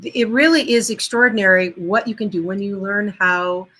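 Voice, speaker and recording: Bright, enthusiastic woman vocal coach. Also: mid-range voice, moderate pace, poor audio. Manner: enthusiastic, animated storyteller who slips into voices. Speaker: singer and vocal coach, guest. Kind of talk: casual interview chat.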